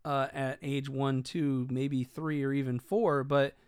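A man's voice: medium pitch, level tone, slow pace, a little mellow, clear, resonant tone, no echo, clean studio sound. A man giving casual video commentary, rambling and swearing, with many fillers and restarts.

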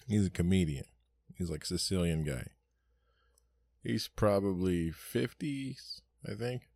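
A man's voice: deep voice, measured pace, gravelly, a little mellow, no echo, studio quality. A young man co-hosting a podcast, chatting casually, swearing freely and telling stories with acted-out quotes. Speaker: podcast co-host. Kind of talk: casual chat.

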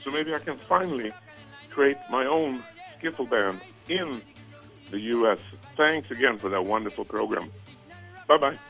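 A man's voice: medium pitch, lively intonation, normal speed, gravelly, pushed and bright, faint music behind. A man from Sweden, leaving a fond, reminiscing voicemail for a radio show as a caller. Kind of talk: listener voicemail.

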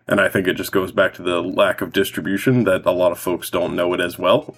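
A man talking as a guest on a casual podcast, relaxed and rambling with fillers. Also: deep voice.

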